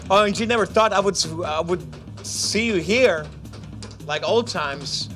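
A man's voice: sits high, unhurried, fairly bright tone, faint music behind. A man presenting a live casino game, chatting playfully with viewers and joking between rounds. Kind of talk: lively chat with viewers while running a game.

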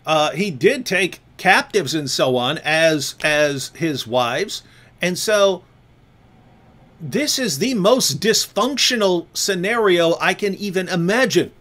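A male host with a fairly high voice presses his case hard. He repeats key lines for emphasis and throws rhetorical questions at the listener. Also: expressive, slow pace, a bit bright. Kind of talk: polemical discussion with a co-host.

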